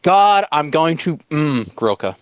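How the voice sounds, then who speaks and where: A man's voice: on the high side, sing-song, slow, rough recording. A man co-hosting a podcast in easygoing, joking casual chat. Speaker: podcast co-host.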